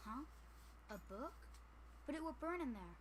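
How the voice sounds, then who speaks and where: A man's voice: very high-pitched, very animated, normal speed, a bit bright, slight background noise, voice pushed up, exaggerated voice. A man voicing an earnest, timid young boy who asks hesitant questions. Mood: wondering. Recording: roomy and distant-sounding.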